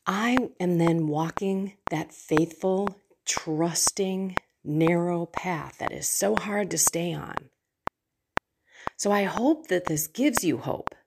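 A middle-aged woman speaks slowly and earnestly in a low, gentle register, sharing a heartfelt personal reflection on faith. Steady background noise runs under her voice. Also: vocal fry. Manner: earnest, heartfelt, slow and soft at times. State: tearful at moments. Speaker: faith coach and host. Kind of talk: personal spiritual reflection to camera.

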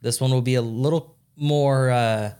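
A man's voice: medium pitch, fairly even intonation, a little slow, warm tone, clear, resonant tone. A man hosting a podcast, telling stories in a casual, jokey way with some swearing, close to a studio microphone. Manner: wry, swearing, jokey storyteller. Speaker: podcast host. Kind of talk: casual storytelling chat.

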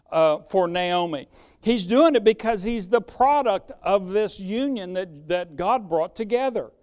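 A man's voice: high-pitched, smooth. A man preaching a sermon as pastor, emphatic and fond of rhetorical questions.

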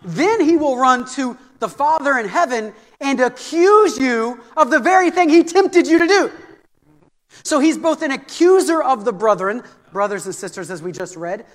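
A middle-aged man preaching a sermon, animated and conversational with touches of humor. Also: extremely high pitch, moderate pace. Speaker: pastor. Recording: long hall reverb.

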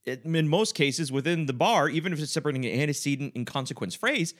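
A man's voice: a little high, animated, fast, a bit bright. A man hosting an interview as a saxophone teacher, chatting casually, scatting musical lines and drifting into tangents. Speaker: podcast host and saxophone teacher.

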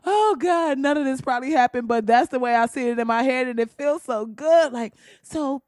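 A woman's voice: high voice, moderate pace, a little mellow, dry recording, clean studio sound. A woman commentator delivering a blunt, profane comedic rant, slipping into mocking voices.

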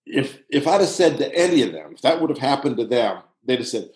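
A man in his sixties from Pittsburgh, telling a long personal story in a casual, halting way with frequent restarts. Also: medium pitch. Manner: animated, halting with restarts, drops to hushed tones. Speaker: guest storyteller, former soccer coach. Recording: roomy echo.

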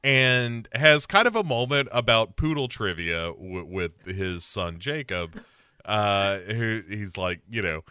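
A man co-hosting a podcast, playfully recapping a story and putting on gruff voices for the characters. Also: on the low side, animated, sharp tone, no room sound, clean studio sound. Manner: playful, quick asides, puts on gruff voices. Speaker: podcast co-host. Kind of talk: casual comedic chat, recapping a show.

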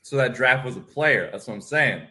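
A man's voice: medium pitch, animated, fairly quick, bright, forceful tone. Guy on a morning show rambling through a silly story, chuckling as he goes. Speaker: radio show co-host. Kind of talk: casual morning show banter.

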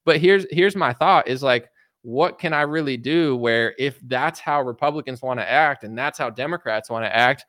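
A man's voice: mid-range voice, moderate pace, fairly bright tone, no room sound, studio quality. A man giving a blunt, sarcastic political commentary rant, mocking and casual.

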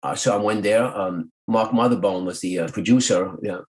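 A man guest in an interview, a singer and voice artist, telling lively stories and acting out the voices of the people he quotes. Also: on the low side, normal speed, poor audio. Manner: lively storyteller who acts out quoted voices. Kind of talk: animated anecdote-telling.

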